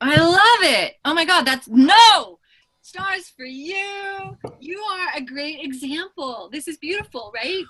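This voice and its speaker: A woman business coach hosting a live training call, talking fast and emphatically with effusive enthusiasm. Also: sits high, expressive, a bit bright.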